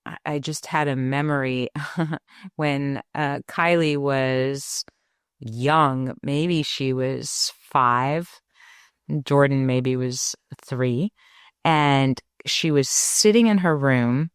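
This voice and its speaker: A middle-aged woman speaks in a notably low voice at an unhurried, deliberate pace. She is co-hosting a relaxed parenting conversation, reflective in tone, and she sometimes acts out quoted lines in livelier voices. The sound is close and dry. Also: clean tone, dry recording. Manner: reflective, tells stories with animated quoted voices. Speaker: podcast co-host.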